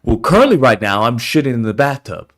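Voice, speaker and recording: A man putting on a deep, smug, boastful bigot. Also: big pitch swings, a little fast.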